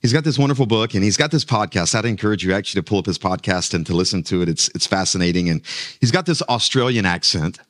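A man's voice: lowish voice, animated, quick pace, fairly bright tone. A male pastor preaching a sermon, often repeating words as he builds toward a point. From United States.

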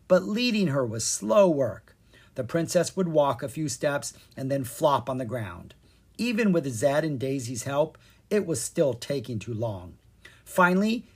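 Lively storybook reader, voice swoops around, a little husky. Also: mid-range voice. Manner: expressive, animated storytelling. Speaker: audiobook narrator. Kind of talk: children's storybook narration.

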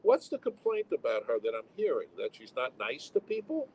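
Blunt, animated man. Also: medium pitch, fairly quick, husky, low-quality recording. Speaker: comedy club owner. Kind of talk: casual interview chat. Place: home town with fire sirens.

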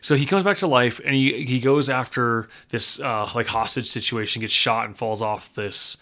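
A man's voice: medium pitch, normal speed, sharp tone. A young man in casual conversation, laid-back as he recaps a comic book plot step by step. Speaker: comic book discussion co-host. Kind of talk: casual chat.

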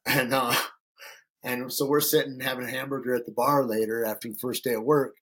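The middle-aged podcast guest from Northern Michigan has a medium-pitched, fairly bright voice with a breathy edge, delivered in a level tone at a brisk clip. He tells casual stories, cursing freely and impersonating the people he quotes.

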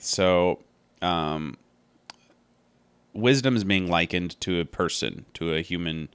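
A man with a deep, resonant voice walks through scripture in a loose, meandering commentary. He sounds earnest and reflective and works his ideas out as he goes. The sound is close and dry. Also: slow, long pauses, fairly bright tone, smooth, dry recording. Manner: thinking aloud, meandering and earnest. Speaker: Bible study podcaster. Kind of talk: casual spoken Bible commentary.

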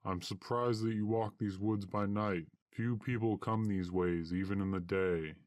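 A man's voice: lowish voice, steady tone, measured pace, darkish tone, no room sound, clean studio sound, natural voice. A man voicing a tall, secretive masked stranger of the woods, speaking unhurriedly. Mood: calm.

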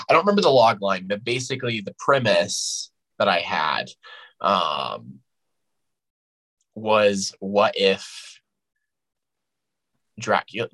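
A man talks as a podcast guest in a husky voice with a tense, bright edge. He stops and restarts often and fills gaps with "like" and "um." When he quotes himself, his voice leaps up high. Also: expressive, slow, rough recording. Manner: hesitant, many fillers and restarts, voice jumps high when quoting himself. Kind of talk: casual podcast chat.

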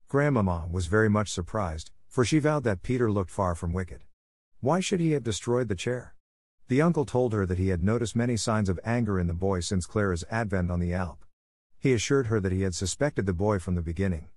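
A man narrates a classic story in a steady, even reading voice and sometimes reads the punctuation aloud. His voice sits low, and the recording is completely dry and close. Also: brisk, no echo. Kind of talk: scripted audiobook narration for English learners.

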